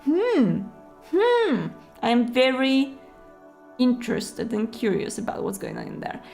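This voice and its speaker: A young woman with a high voice plays through a game, reading its text aloud and thinking out loud. She is chatty and often mutters to herself between lines, with faint music in the background. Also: huge pitch swings, slow, vocal fry. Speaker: let's play host.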